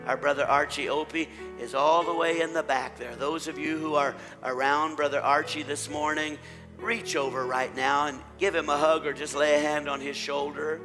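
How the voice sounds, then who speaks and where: A middle-aged man leading a church service as pastor, praying and welcoming his congregation, his voice rising and growing louder when he rallies the room. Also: a little high, steady tone, normal speed. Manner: warm pulpit delivery, rising loud when rallying the congregation. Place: church sanctuary. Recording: long church reverb with faint instrumental music.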